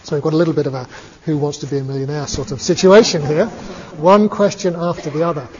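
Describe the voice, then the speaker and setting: A man telling a Buddhist story to his listeners in a relaxed way, chuckling and using many fillers. His voice is a little high. It is recorded dull and lo-fi, with a long reverb and faint ambience. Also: quick pace. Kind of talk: storytelling talk.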